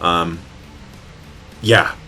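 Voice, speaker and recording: A man's voice: sits low, drawn-out words, sharp tone, faint music behind. A man playing a tabletop game, speaking casually and hesitantly, often asking questions. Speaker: player.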